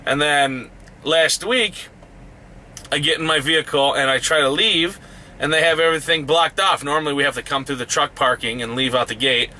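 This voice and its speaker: A fired-up male trucker tears into a truck stop, cursing nonstop and climbing higher as his outrage builds. His voice sits fairly high for a man and rings bright and forceful. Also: normal speed. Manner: heated, swears constantly, voice rising in outrage. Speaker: truck driver vlogger. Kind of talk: angry profane rant.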